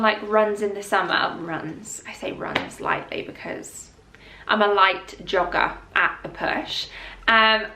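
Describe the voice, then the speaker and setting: A woman vlogger with a fairly high, sharp voice chats casually during a try-on, rambling and using lots of fillers. She sounds congested from hay fever, and the distant mic picks up a roomy echo.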